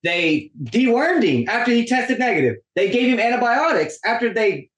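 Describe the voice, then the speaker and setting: A man's voice: extremely high pitch, normal speed. A man on a podcast telling a long story in casual chat, acting out quoted lines and saying "like" a lot. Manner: animated storytelling, acts out quoted dialogue, frequent "like". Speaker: podcast guest. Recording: roomy echo.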